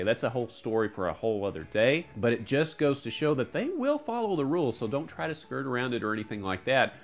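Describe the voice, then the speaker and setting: A man hosting a casual points-and-travel news roundup, upbeat and chatty, often checking in with "all right?". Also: medium pitch. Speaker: host of a credit card and travel channel.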